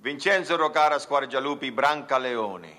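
A man's voice: mid-range voice, normal speed, bright, forceful tone, close to an everyday voice. An actor playing an Italian man in a comedy film who proudly gives his long name.

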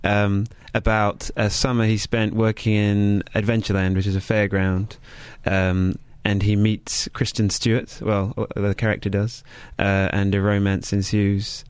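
A male studio guest on a radio film show, his low, smooth voice close and dry on the mic. He speaks hesitantly, often stumbling over the start of a thought. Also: little pitch movement, unhurried, few pauses, no echo.

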